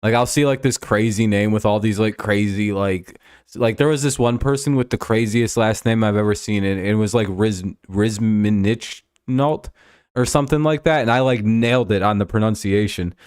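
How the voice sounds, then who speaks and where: A man hosting a live stream, giving casual play-by-play and rambling, swearing chat between pitches. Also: a little fast, darkish tone, clear, resonant tone, no echo, studio quality. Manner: rambling and profane, with frequent fillers.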